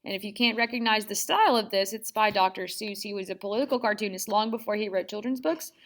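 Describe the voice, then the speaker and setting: A woman's voice: medium pitch, fast talker, fairly bright tone. A young woman teaching a casual history lesson, chatty and sarcastic, acting out quotes in playful voices.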